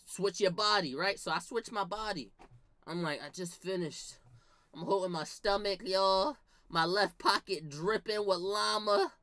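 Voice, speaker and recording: A young woman spins a comedic tale, dropping to low mutters and then bursting into shouts as she acts out each moment. Her voice is bright and forceful. It is recorded dry, with no room sound. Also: unhurried, no room sound. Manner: swings from low mutters to shouted outbursts, acts out quoted lines. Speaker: comedic storyteller. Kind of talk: animated comedic storytelling.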